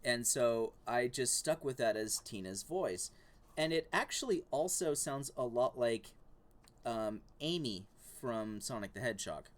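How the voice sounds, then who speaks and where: A man co-hosting a casual podcast tells stories animatedly and laughs often, in easy banter. His mid-range voice is expressive and his pace measured.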